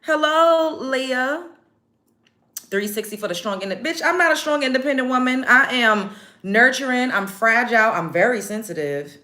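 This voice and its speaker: A woman's voice: sits high, animated, moderate pace, bright, forceful tone. A woman hosting a casual livestream from home while doing her makeup, brash and confrontational as she reads out comments. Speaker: livestream host.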